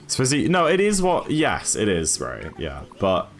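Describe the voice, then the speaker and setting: Chatting on a gaming stream, a Newcastle man whose accent blends northern and southern English rambles along with lots of fillers and restarts. His voice is fairly low with huge pitch swings, he talks at a moderate pace, and soft music plays in the background.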